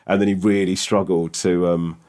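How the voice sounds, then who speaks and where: A man's voice: low-pitched, level tone, normal speed, a little mellow. A man hosting a podcast, chatting casually with many hesitations and the odd swear word. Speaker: podcast host. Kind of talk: casual chat.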